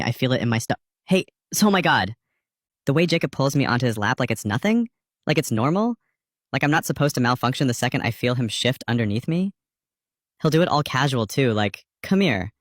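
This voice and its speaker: A man's voice: medium pitch, expressive, fairly quick, dry recording. Male creator, campy confessional monologue, flirty and over the top, dry close mic. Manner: playful, dramatic, flirty oversharing. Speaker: content creator.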